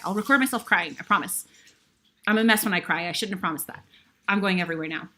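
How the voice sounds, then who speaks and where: A woman's voice: mid-range voice, very fast, bright, forceful tone. A young woman guest-hosting a web show, thanking viewers in an effusive, rambling, casual sign-off. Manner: effusive, grateful, rambling and self-deprecating. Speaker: guest host.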